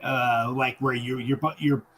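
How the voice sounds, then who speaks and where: A man co-hosting a podcast, explaining movie details in halting bursts with many restarts. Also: medium pitch, fairly even intonation, a bit bright, poor audio. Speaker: podcast co-host. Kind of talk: casual movie discussion.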